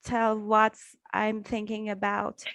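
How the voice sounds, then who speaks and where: A woman's voice: mid-range voice, monotone, takes it slowly, vocal fry, a bit bright, no echo. Hesitant woman asking a question. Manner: hesitant, searching for words. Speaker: audience member asking a question. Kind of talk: academic Q&A.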